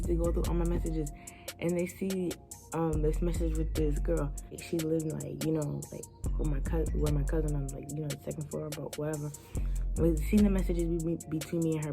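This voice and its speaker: A young woman vlogger telling a personal story in a casual, animated way, full of slang and fillers. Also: lowish voice. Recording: music playing behind her.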